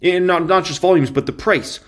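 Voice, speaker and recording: A man giving casual stock market commentary in an emphatic, excitable way, repeating his points for effect. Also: high voice, fairly quick.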